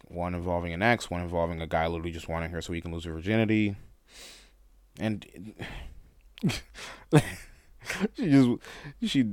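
A young man casually telling a personal story to the camera, candid, with frequent laughs and halting restarts. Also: deep voice, no echo, studio quality.

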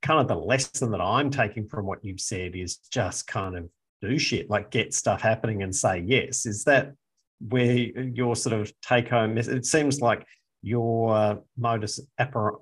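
A man's voice: lowish voice, measured pace, husky. A man hosting an interview, casually summing up his guest's answers and probing with questions. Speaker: podcast host.

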